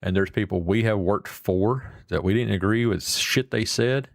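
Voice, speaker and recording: Man, Appalachian accent, low voice, folksy rambling chatter, dry close sound. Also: normal speed, no room sound. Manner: folksy, rambling, drawling, salty. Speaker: livestream host. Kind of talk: casual live-stream chat with viewers.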